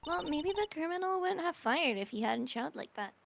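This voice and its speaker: High-pitched giggly woman streamer. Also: expressive, moderate pace, creaky, background noise. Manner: giggly, teasing. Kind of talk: casual gaming commentary.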